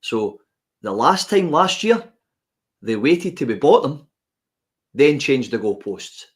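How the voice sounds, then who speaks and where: A man's voice: medium pitch, very animated, slow pace. A man with a Scottish accent, co-hosting a podcast and ranting with passion in casual chat. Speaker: podcast co-host.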